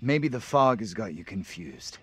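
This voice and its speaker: An actor playing a calm, skeptical man who reasons dryly with a frightened group. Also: lowish voice, measured pace, slightly rough, dry recording, faint music behind, exaggerated voice.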